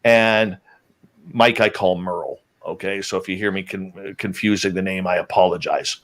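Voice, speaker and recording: A man's voice: low-pitched, normal speed. A man, a guest on a show, casually telling a story about a trip into the woods, acting out what his companions said. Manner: lively, acts out the quoted lines of his companions.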